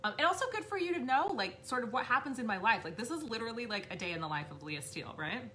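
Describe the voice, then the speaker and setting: Speaking quickly and very animatedly, a woman in her thirties recounts a personal story on a live stream she hosts as a spiritual medium. Her fairly high voice is pushed and bright, full of swearing and fillers like "like" and "right," with a little hiss or hum.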